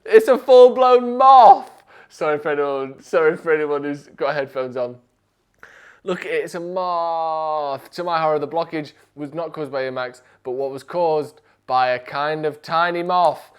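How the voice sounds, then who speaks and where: A young man hosting a casual live stream, joking and animated, sometimes rising to near shouts. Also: fairly high pitch, clean tone.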